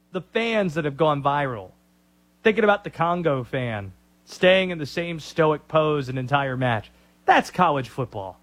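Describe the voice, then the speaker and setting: A man's voice: fairly high pitch, a bit bright. A man hosting a sports talk radio show, opinionated and joking.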